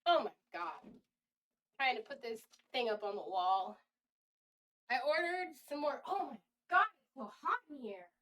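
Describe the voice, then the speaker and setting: A woman's voice: sits high, animated, a little slow, fairly bright tone, recorded from a distance. A woman live-streaming in casual chat, rambling and swearing freely, cooing baby talk at her cat now and then. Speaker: livestreamer. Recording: voice from away from the mic.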